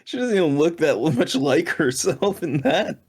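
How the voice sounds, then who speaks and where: A man's voice: a little high, animated, normal speed, a little mellow, husky. A young man co-hosting a podcast in casual chat. He laughs often and swears freely. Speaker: podcast co-host.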